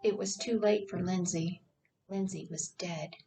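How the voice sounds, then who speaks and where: A woman author reading her own novel aloud in a plain, unhurried way with small slips. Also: on the low side, fairly even intonation, vocal fry, warm tone, far from the mic, low-quality recording.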